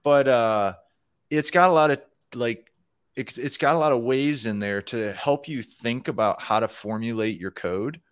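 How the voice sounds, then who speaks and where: A man chatting casually on a live programming stream, circling his point with lots of "um" and "like" and starting sentences over. His voice sits at an ordinary pitch. The mic sound is dry and close, with no room echo. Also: unhurried, clean tone. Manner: rambling, many fillers and restarts. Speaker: co-host of a live electronics programming show.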